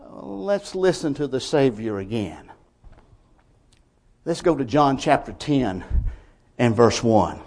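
A man preaching a sermon, emphatic, with swings from quiet lines to loud ones. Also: a little high, lively intonation, normal speed.

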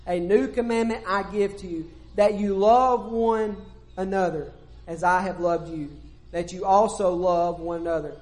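High-voiced preacher in an echoey room. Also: male voice, darkish tone. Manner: emphatic, repeats key phrases, reads scripture aloud. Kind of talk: sermon.

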